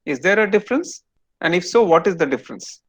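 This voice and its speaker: A man's voice: high voice, lively intonation, brisk, a bit bright, slightly rough, dry recording. A man giving an online lecture to students over a video call, explaining step by step and quizzing them.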